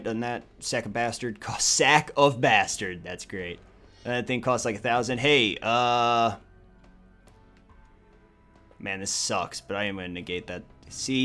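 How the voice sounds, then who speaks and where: Excitable, foul-mouthed gaming commentator. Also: male voice, mid-range voice, normal speed, soft background music. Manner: crude, excitable, joking, swings from mutter to shouting. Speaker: gaming YouTuber. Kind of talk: profane gameplay commentary.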